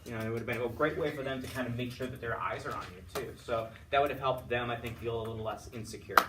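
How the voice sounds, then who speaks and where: A man's voice: medium pitch, steady tone, fast, distant mic, heavy background noise. A man giving a student chatty, upbeat feedback after a choral conducting lesson, with lots of fillers and restarts. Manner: sings solfege and chants rhythm words to demonstrate.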